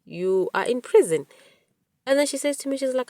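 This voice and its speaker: A woman in her forties hosting a podcast, telling a personal story in an animated way, with many restarts. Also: high-pitched, moderate pace, dry recording. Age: 40s. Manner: animated retelling with quoted dialogue, frequent restarts. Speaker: podcast host. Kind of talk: storytelling monologue.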